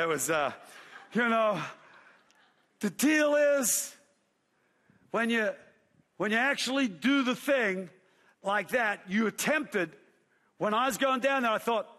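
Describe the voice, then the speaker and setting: Aussie pastor guy, middle-aged, preaching w lots of story, voice rings around a big hall. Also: high voice. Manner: animated storyteller, acts out shouts and quotes. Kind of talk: sermon with storytelling. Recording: long hall reverb.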